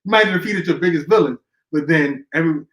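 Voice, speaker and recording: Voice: mid-range voice, fast talker, a bit bright, reverberant, low-quality recording. A co-host of a casual comic book podcast, arguing a point playfully and laughing at his own jokes. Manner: argumentative, joking, laughs at own lines.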